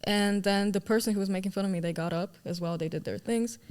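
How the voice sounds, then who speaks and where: A woman's voice: medium pitch, fast, darkish tone, clean tone. Young woman, guest; bubbly, chatty, laughs easily, mid-range voice. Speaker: guest, student actor. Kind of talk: casual interview chat.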